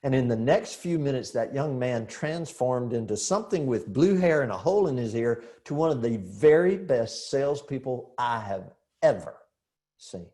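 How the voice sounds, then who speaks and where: A middle-aged man training real estate agents in a seminar, telling lively stories, acting out dialogue and putting rhetorical questions to the audience. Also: medium pitch, normal speed. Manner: animated storyteller who acts out dialogue and asks rhetorical questions.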